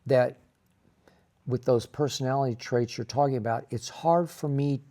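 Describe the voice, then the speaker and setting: A man's voice: mid-range voice, normal speed, warm tone. A man co-hosting a relationship talk show, chatting casually and speaking earnestly about faith. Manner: earnest, reflective, brings faith into it. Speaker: co-host. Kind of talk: casual chat.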